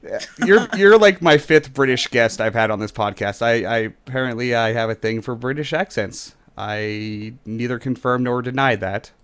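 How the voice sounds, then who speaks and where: A man's voice: mid-range voice, normal speed, few pauses, a bit bright, smooth. A man hosting a casual podcast, making jokey, rambling introductions of his guests. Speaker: podcast host. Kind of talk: casual chat.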